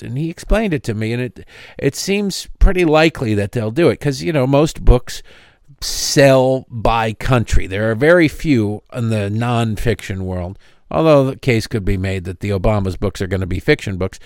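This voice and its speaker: A middle-aged man with a medium-pitched, darkish voice speaks at a moderate pace with lively intonation, recorded dry with clean studio sound. As a radio talk show host on a political program, he delivers an opinionated monologue full of sarcastic asides and tangents.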